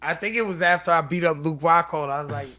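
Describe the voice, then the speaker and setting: A man in his thirties talks casually as a podcast guest, with a voice pitched somewhat high for a man. He rambles through stories full of swearing and loose, easy phrasing. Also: fast talker, crowd noise. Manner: profane, rambling storyteller. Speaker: podcast guest, professional fighter.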